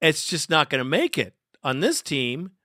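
A man hosting a fan podcast, his bright, forceful voice sitting a bit high. He rambles emotionally and laughs often. The sound is close and dry. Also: big pitch swings, normal speed, dry recording. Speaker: podcast host. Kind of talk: casual fan podcast commentary.

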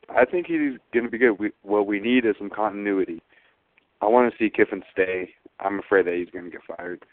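A man's voice: deep voice, no echo. A man calling in to a fan show, frustrated and rambling with restarts, over a phone line. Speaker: caller.

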